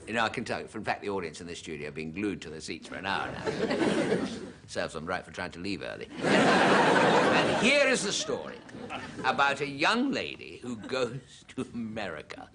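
A man's voice: fairly low pitch, huge pitch swings, moderate pace. A man doing a jokey, self-mocking stand-up monologue. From Britain. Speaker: comedian. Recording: loud audience noise throughout. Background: studio audience laughter.

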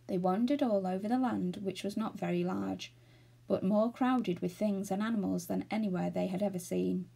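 A woman reading a children's novel aloud, steady and expressive. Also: mid-range voice, normal speed, creaky, breathy edge. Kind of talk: storybook read-aloud.

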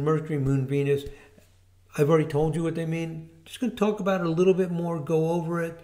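Speaking on the high side, this astrology teacher gives a casual video lesson. His explanations are laid-back, full of filler words and false starts.

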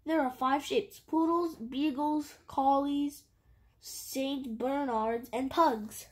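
A woman's voice: high-pitched, fairly even intonation, slow. A woman reading as an earnest young boy. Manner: earnest, explaining.

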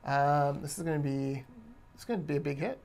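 A man's voice: on the high side, fairly quick, a little mellow. A man co-hosting a casual discussion podcast, giving pointed, conversational commentary. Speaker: podcast co-host.

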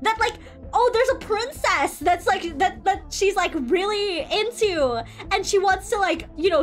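A woman with a high voice tells a casual story in a rambling way. She swears freely and fills her talk with fillers and self-corrections. Faint music plays softly behind her. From Philippines. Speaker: VTuber streamer.

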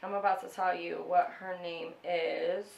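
A woman's voice: lowish voice, level tone, measured pace, vocal fry, a little mellow, echoey room, dull audio. A young woman vlogger telling a personal story in a casual, emotional, rambling way, full of "like" and restarts.

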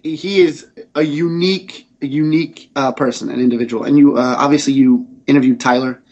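A man's voice: mid-range voice, fairly even intonation, fairly quick, darkish tone, highs cut off. A man who creates comic books, chatting as a podcast guest, rambling and enthusiastic, with many restarts. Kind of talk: casual interview chat.

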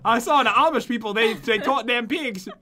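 A young man in casual, playful gaming chat as co-host, goofy and quick to laugh. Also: extremely high pitch, sharp tone.

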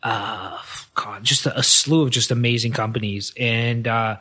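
A man hosting a podcast, telling stories in a relaxed, easygoing way. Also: medium pitch, measured pace, husky. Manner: relaxed, laughs easily, lots of fillers. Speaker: podcast host. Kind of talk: casual chat.

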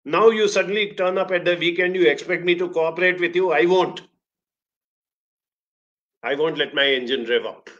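A man's voice: on the high side, normal speed, long pauses, fairly bright tone, lo-fi sound, pitched above the performer's own voice, natural voice. A man voicing a neglected motorbike that complains reproachfully to its owner. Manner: reproachful, indignant.

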